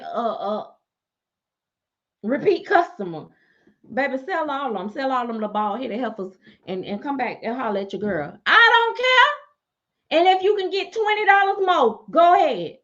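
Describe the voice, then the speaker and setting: A woman who makes and sells dolls, ranting on a livestream in a sassy, animated way and cussing freely. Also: high-pitched, lo-fi sound. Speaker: doll artist and seller. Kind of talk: livestream rant.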